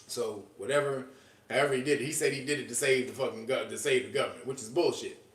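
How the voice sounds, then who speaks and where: A man hosting a podcast in casual commentary, animated and slangy, laughing often. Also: mid-range voice, fast. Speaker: podcast host. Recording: echoey room, distant from mic.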